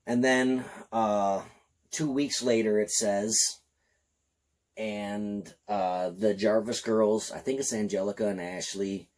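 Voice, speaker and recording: A slightly tipsy man giving an excited, profane, rambling film review. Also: lowish voice, slow.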